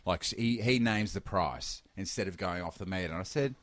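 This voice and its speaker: A man's voice: deep voice, fairly quick, dry recording. A man, a podcast co-host, telling a travel story in casual chat and acting out the quotes.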